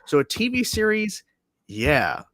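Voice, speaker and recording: Excitable guy with a lively voice. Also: high voice, measured pace, no echo. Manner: excitable, laughs and swears often, repeats himself. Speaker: co-host. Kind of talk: casual pop-culture chat.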